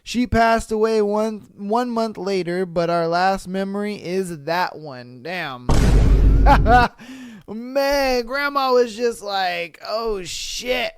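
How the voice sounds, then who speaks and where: A man's voice: sits high, slow, hardly any pauses, clear, resonant tone. A man hosting a podcast, reading out listener stories and reacting with crude jokes and laughter. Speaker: podcast host.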